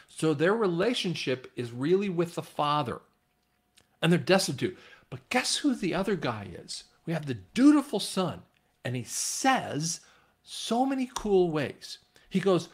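A man's voice: sits high, slightly rough. A man giving informal Bible teaching, rambling with restarts and retelling scripture in a casual, conversational way.

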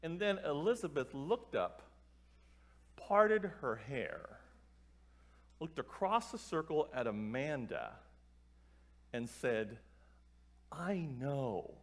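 A man's voice: a little high, takes it slowly, pauses often. A middle-aged man giving a storytelling talk to a church gathering, acting out the voices of the people in his story. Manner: animated, acts out voices in his stories, breaks into tearful laughter. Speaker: keynote speaker.

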